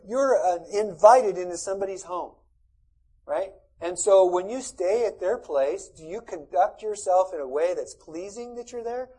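Man, middle-aged pastor, folksy conversational sermon, high voice, husky tone. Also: dark tone, rough recording. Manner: conversational, folksy preaching with asides.

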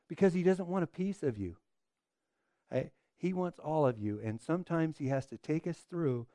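A pastor preaching a sermon in a mellow, dark-toned male voice. He presses his listeners with rhetorical questions and stumbles over repeated words as he builds his points. The sound is dry and close, with no room around it. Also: fairly high pitch, no echo.

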